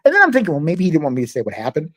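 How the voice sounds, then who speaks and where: A man's voice: on the high side, huge pitch swings, very fast. A man co-hosting a podcast, telling a story in casual chat, laughing often and acting out what other people said. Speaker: podcast co-host.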